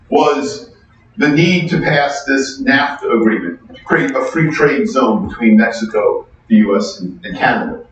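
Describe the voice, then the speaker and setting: A middle-aged man giving a university economics lecture, conversational and animated, asking the class questions, recorded from far off in a large lecture hall. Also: mid-range voice. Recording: distant echoey hall, dull sound.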